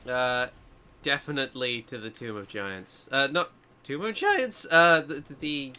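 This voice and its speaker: A man's voice: medium pitch, animated, unhurried, bright, forceful tone, a little hiss or hum. A man co-hosting a casual gameplay video, joking and rambling as he plays and mocks himself. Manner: jokey, rambling, self-mocking. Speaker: gaming co-host.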